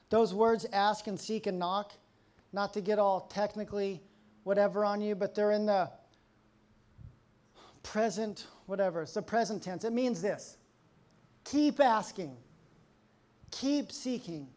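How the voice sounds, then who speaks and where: A male pastor preaching a sermon in a conversational, animated way, acting out quotes while telling stories. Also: high voice, measured pace, long pauses.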